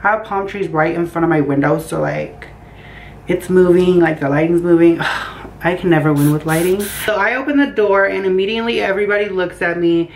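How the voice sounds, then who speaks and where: A young woman with a lowish voice recounts a story to camera from her bedroom. She keeps it casual and animated, switching into voices when she quotes people. A faint hiss sits under the recording. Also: fairly quick, rough recording. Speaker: storytime vlogger. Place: bedroom by a window.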